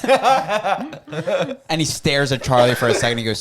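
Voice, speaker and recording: A man's voice: a little high, big pitch swings, unhurried, a loud crowd. A man co-hosting a podcast who tells stories animatedly, swears freely and laughs often. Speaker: podcast co-host. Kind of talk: casual chat.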